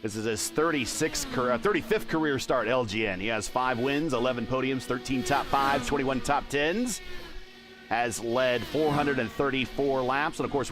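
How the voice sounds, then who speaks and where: A male sim racing commentator works through wins, podiums and career starts in a steady, mid-pitched voice. He breaks up the numbers with joking asides. Clear music plays underneath him. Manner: stat-heavy play-by-play with jokey asides. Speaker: race commentator.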